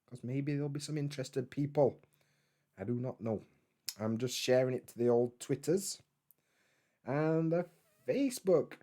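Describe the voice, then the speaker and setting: A man's voice: mid-range voice, normal speed, long pauses, dark tone. A man, hosting a casual live stream from home, rambling in a laid-back way, swearing freely and answering chat.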